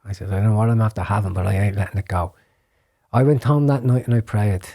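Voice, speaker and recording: This is an Irish man with a lowish voice, telling his personal testimony as a podcast guest. His tone is dark and mellow, and he speaks earnestly. He stumbles over repeated words and sometimes drops to a hushed whisper. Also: fast talker. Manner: earnest storytelling, drops to a hushed whisper when recalling prayers; frequent repeated words and restarts.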